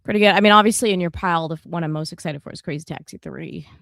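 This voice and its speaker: A woman's voice: on the low side, rapid-fire, gravelly, fairly bright tone, no echo, clean studio sound. A woman co-hosting a gaming podcast in casual chat, blunt and chatty, swearing freely. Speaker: podcast co-host.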